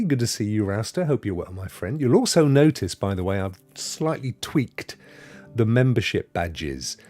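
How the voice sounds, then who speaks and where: A man's voice: medium pitch, a little mellow. A man hosting a casual live stream, chatting and greeting viewers by name with rambling asides. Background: faint Christmas music.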